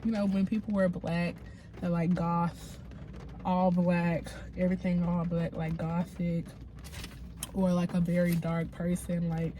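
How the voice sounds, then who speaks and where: A woman's voice: on the low side, flat delivery, measured pace, dark tone. A woman with a cold and a congested voice talks her viewers through a reality show recap. She is chatty and frank, and she takes her time. There is a light hiss in the background. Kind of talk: casual recap commentary.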